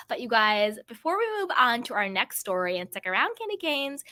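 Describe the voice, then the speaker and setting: A woman talks straight to her viewers about reality TV drama in a chatty, emphatic way. She often repeats a phrase to hammer a point home. Her voice is bright and forward. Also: a little high, sing-song, normal speed. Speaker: host of a pop culture channel. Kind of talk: reality TV gossip commentary.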